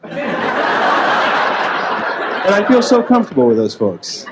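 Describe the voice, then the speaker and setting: A man's voice: high-pitched, wildly swooping pitch, a little slow, very noisy. A man doing a self-mocking stand-up routine on a comedy club stage, slipping into silly voices for the people in his jokes. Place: comedy club stage before a live audience.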